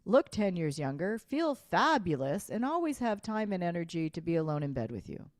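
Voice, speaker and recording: A woman's voice: lowish voice, big pitch swings, moderate pace, dry recording, clean studio sound. A woman hosting a live online sales coaching session, speaking emphatically, repeating slogans and asking viewers to respond in chat. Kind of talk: live-streamed coaching talk.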